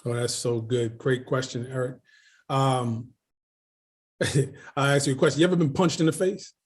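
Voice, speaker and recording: A middle-aged man, a leadership coach telling lively stories in an interview, laughing often and repeating phrases. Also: mid-range voice, normal speed. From Queens, New York. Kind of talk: casual storytelling interview.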